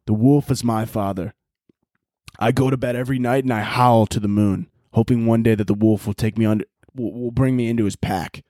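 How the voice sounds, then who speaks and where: A man's voice: mid-range voice, steady tone, a little fast, mellow, dry recording, clean studio sound, voice pushed down, natural voice. A man putting on an earnest young man who believes a wolf is his father.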